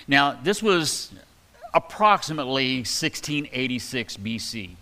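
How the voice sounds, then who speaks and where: A man's voice: mid-range voice, big pitch swings, measured pace, bright, forceful tone, long reverb tail. A man giving a casual, rambling sermon, with many fillers and restarts, reading scripture aloud with emphasis. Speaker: preacher. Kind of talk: conversational sermon.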